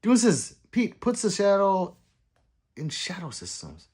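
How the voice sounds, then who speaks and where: A man's voice: high-pitched, huge pitch swings, a little slow, a little mellow, slightly rough. A man hosting a casual livestream, reading viewer comments aloud in a rambling, apologetic way and muttering between them. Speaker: gun channel livestream host.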